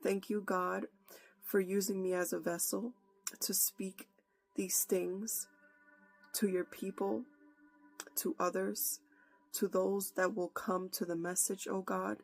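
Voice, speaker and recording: A woman preacher praying fervently and giving a prophetic message, slow and pleading. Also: mid-range voice, flat delivery, vocal fry, soft background music. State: holding back tears.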